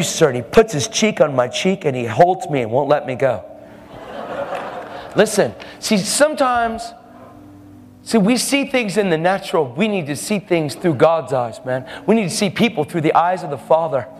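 A man's voice: a little high, long reverb tail. A man preaching a sermon, telling a story and acting out the lines of the people in it.

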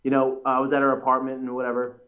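A man's voice: medium pitch, completely flat delivery, quick pace, narrow, tinny audio. A man, a pro wrestler, telling stories in a casual interview with lots of fillers and restarts. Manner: rambling storyteller, many fillers and restarts. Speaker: pro wrestler, tag team champion.

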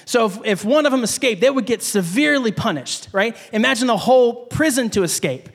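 High-voiced man preaching in a hall. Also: animated, fairly quick, gravelly, slightly rough. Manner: casual, with frequent fillers and restarts. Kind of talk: sermon.

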